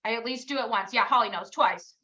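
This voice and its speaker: Woman team leader, punchy and bright, scolds and rallies on a live stream; muffled stream sound. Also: fairly high pitch. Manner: blunt, scolding, rapid-fire rhetorical questions; swears casually, self-mocking. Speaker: team leader giving a live pep talk. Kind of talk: casual motivational livestream talk.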